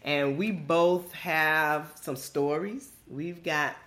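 Speaking low with a touch of brightness, a woman from Georgia talks to her podcast listeners. She's emphatic and relaxed, stretching her delivery out and calling everyone "y'all."

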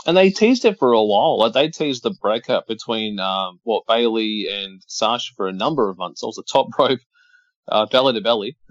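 A man's voice: lowish voice, animated, moderate pace, dry recording. Chatty man on a dull, dry podcast recording. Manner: chatty, running play-by-play with laughs. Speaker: podcast co-host. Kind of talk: casual watch-along chat.

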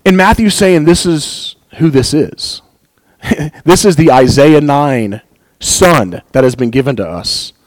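A man giving an earnest, animated Bible teaching, reading scripture aloud and commenting on it, often with a light chuckle. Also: a little high, slow, no room sound, poor audio.

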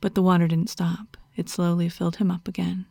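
Woman narrator, whispered erotic story reading, dark mellow tone, fry in the voice. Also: fairly low pitch, flat delivery, dry recording, clean studio sound. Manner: slow, hushed, unvoiced whisper.

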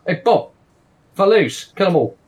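A man's voice: high-pitched, sing-song, moderate pace, a little mellow, slightly rough, pitched above the performer's own voice, full character voice. A man voicing a big, smug, swaggering male pickle gang boss in a tabletop game. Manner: swaggering, boastful.

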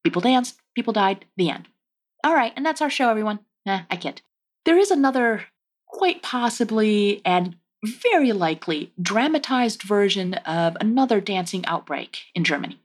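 Husky-voiced woman hosting a podcast. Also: mid-range voice, expressive, moderate pace. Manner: wry, joking asides. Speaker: podcast host. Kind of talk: casual history podcast narration.

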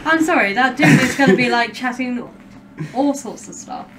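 A woman co-hosting a casual film podcast, chatty and quick to laugh, with lots of "like". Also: high voice, recorded from a distance, noisy background. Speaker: podcast co-host. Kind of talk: casual chat.

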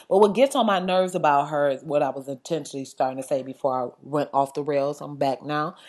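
A woman ranting in blunt, sassy, profanity-filled casual talk, with sudden loud outbursts. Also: mid-range voice.

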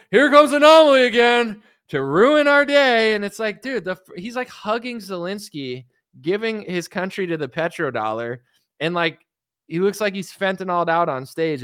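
A man's voice: a little high, fairly bright tone, clean tone, no room sound. Rambling sarcastic male streamer, dry sound. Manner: rambling, sarcastic, heavy filler "like". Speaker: political commentator streamer. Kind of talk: casual livestream rant.

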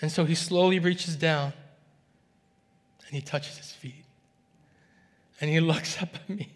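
A man preaching a sermon, telling a story to his church in a relaxed, conversational way. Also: a little high, measured pace. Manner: conversational, recounting dialogue. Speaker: pastor. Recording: reverberant hall sound.

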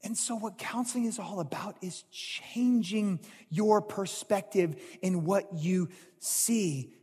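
A pastor preaching a sermon in an animated way, rising loud and falling to hushed asides. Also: male voice, high-pitched, slow, husky. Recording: long hall reverb.

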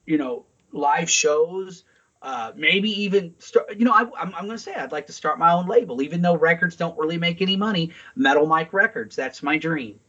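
A man's voice: on the high side, expressive, moderate pace, bright, forceful tone, breathy edge, highs cut off. A man co-hosting a podcast in casual chat, talking in a rambling, profane way. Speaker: podcast co-host. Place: Saint Louis.

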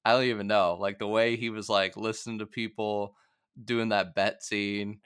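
A young man with a fairly low, smooth and resonant voice, chatting loosely about a TV episode. He rambles and laughs often, with plenty of fillers. The sound is close and dry. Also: level tone, moderate pace, a bit bright, dry recording. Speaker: podcast co-host. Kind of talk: casual TV recap chat.

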